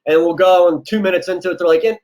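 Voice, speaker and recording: A man with a fairly high voice gives casual advice in an interview as a casting director. He talks in a loose, conversational way, often slipping into quick back-and-forth exchanges as he tells stories. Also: rough recording. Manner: relaxed, chatty, acts out quoted exchanges.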